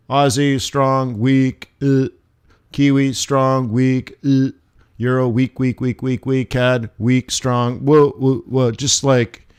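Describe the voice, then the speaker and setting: Man, forex instructor, live trading stream, thinks aloud, playful asides, unhurried delivery. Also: mid-range voice, smooth.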